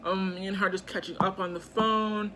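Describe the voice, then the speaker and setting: A woman's voice: medium pitch, steady tone, moderate pace, a bit bright, slight background noise. A young woman telling a storytime in a casual, chatty way, full of slang and fillers. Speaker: vlogger.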